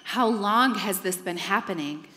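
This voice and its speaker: Woman reading as Jesus, commanding teacher, bright tone, long church reverb. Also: medium pitch, unhurried. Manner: reads scripture lines aloud in a church.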